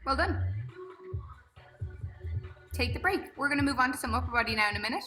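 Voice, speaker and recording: A woman's voice: sits high, lively intonation, fairly quick, sharp tone, echoey room, faint music behind. A woman with an Irish accent coaching a live workout class, chatty and encouraging, praising people by name and laughing often. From Ireland. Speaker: fitness coach.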